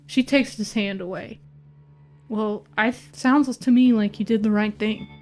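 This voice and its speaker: A woman player role-playing in a tabletop game, excitable and quick to swear. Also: medium pitch, faint music behind. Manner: excitable, swears often, laughs a lot. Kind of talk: in-character tabletop role-play.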